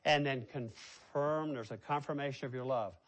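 A man's voice: medium pitch, normal speed. An older man, a pastor, preaching a sermon and telling a family story in a conversational way.

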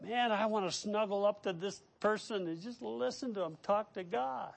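Male preacher, high voice, emphatic lists and direct questions, swings loud to soft. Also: moderate pace, gravelly, few pauses. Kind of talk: sermon.

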